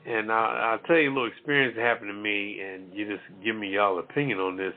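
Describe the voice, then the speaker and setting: A man co-hosting a talk show, telling a story in an animated, emphatic way and swearing freely. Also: lowish voice, fast talker. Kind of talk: casual storytelling chat. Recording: phone-like lo-fi audio with faint music.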